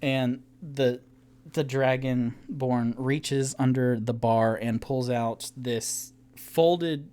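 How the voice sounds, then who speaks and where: A man acting as game master, narrating a solo tabletop game in loose, halting descriptions. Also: mid-range voice, steady tone, mellow, clear, resonant tone.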